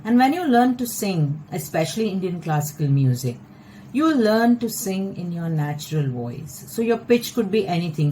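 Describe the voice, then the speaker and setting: A woman vocal coach teaching a lesson, explaining in a measured, patient way. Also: lowish voice, sing-song, dark tone, slight background noise, rough recording.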